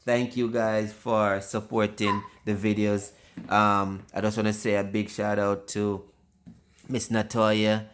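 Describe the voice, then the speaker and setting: A man's voice: lowish voice, level tone, slow pace, noisy background. A father hosting a casual family video, rambling and often stumbling over his words.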